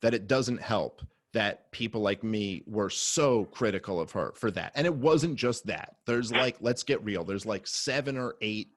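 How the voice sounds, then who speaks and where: A man, a podcast guest, telling a story in a casual conversation with lots of swearing and fillers, now and then rising to loud, heated outbursts. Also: on the low side, measured pace, hardly any pauses, dry recording.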